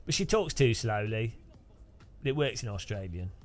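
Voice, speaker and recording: A man's voice: fairly low pitch, lively intonation, normal speed, faint music behind. A man casually chatting on a live stream, rambling with dry joking asides.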